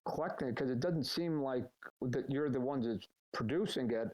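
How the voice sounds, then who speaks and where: A middle-aged man, a guest in a casual live Q&A, telling animated, rambling stories over a voice chat call. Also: mid-range voice, moderate pace, poor audio. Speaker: guest answering fan questions.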